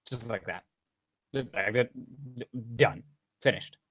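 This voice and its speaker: A man's voice: lowish voice, takes it slowly, fairly bright tone, dry recording. A man casually coaching a voice-training session over voice chat, rambling with frequent restarts and asides.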